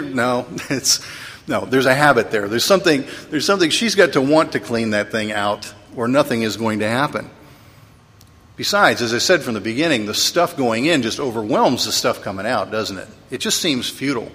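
A man's voice: medium pitch, animated, moderate pace, fairly bright tone, breathy edge. A middle-aged man preaching a sermon as pastor, conversational and sometimes humorous, building to emphatic peaks. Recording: long reverb of a large hall.

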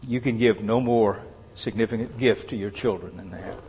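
A man preaching a sermon, earnest and measured, letting his phrases fall away softly at the end. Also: lowish voice, husky. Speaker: pastor. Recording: long reverb of a large hall.

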